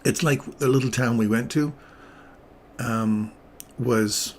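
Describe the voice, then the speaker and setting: A man's voice: medium pitch, slow pace, slight background noise. A middle-aged man hosting a live trading stream, talking casually and wandering off on tangents. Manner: casual, rambling, easily sidetracked. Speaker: trading channel host.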